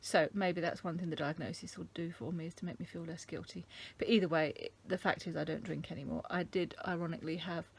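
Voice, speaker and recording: A middle-aged woman from England talking casually to camera, thoughtful and halting, with many ums. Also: on the low side, fairly even intonation, gravelly, husky. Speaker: vlogger. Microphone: camera mic.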